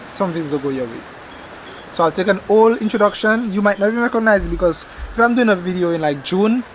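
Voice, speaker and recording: A man's voice: high voice, a little hiss or hum, rough recording. A man from Dominica with a Dominican accent, a gardening vlog host chatting casually and rambling animatedly to camera outdoors. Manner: rambling, animated storytelling with dramatic outbursts.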